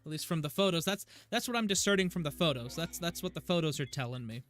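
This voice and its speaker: Quick, expressive and fairly bright, a slightly high-voiced American man streams a game and chats casually with his audience. He jumps between topics and laughs easily, faint game music in the background.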